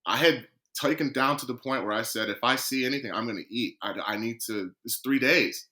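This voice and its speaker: A man, a guest footballer on a podcast, telling his story in a lively way and acting out what other people said. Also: medium pitch, a little fast. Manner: lively storyteller who acts out quoted dialogue.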